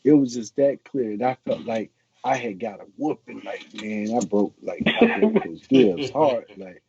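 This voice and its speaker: A man's voice: mid-range voice, expressive, normal speed, vocal fry, darkish tone, slight background noise. A man, a former pro football player, telling a story animatedly on a video call, acting out quotes with many restarts. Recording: muffled call audio.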